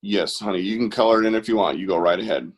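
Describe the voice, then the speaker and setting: A man's voice: fairly low pitch, quick pace, slightly rough. A man hosting an online art class on a video call, chatty and encouraging as he guides kids. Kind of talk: casual live-stream instruction.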